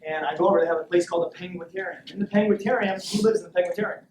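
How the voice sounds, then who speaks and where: A man coaching a team in a locker room, telling a story with high energy and shouting call-and-response lines. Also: racing. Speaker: mental conditioning coach. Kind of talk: motivational speech to a team. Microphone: far camera. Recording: echoey locker room from far off, faint noise.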